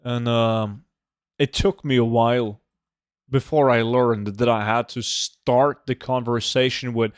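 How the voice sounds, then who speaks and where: A man's voice: mid-range voice, steady tone, unhurried, smooth, no room sound, studio quality. Norwegian man, loose casual chatter. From Norway. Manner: loose, swearing, rambling with filler likes. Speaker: gaming streamer and host. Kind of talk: casual chat while gaming.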